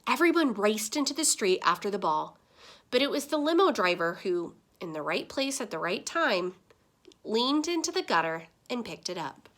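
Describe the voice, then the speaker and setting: A woman reading a children's storybook aloud, her voice lively and swooping with plenty of expression. Her tone is bright and clear, with a middle pitch. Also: moderate pace. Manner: expressive, animated.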